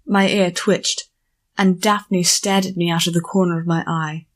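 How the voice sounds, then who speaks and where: A woman narrating an audiobook chapter in a measured storytelling manner. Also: on the low side, steady tone. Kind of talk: scripted narration.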